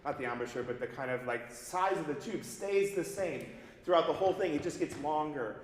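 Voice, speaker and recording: Speaking briskly in a fairly high voice, an American man coaches singers in a master class, explaining breath and diction with energy and singing brief examples as he talks. The sound comes from far off in a large, echoey recital hall, with a faint piano in the background.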